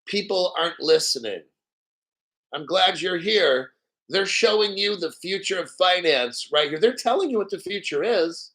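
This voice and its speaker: A man hosting a live crypto stream, talking in an excitable, profane, hyped way and often clearing his throat. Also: high voice, normal speed, rough recording. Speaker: crypto livestream host.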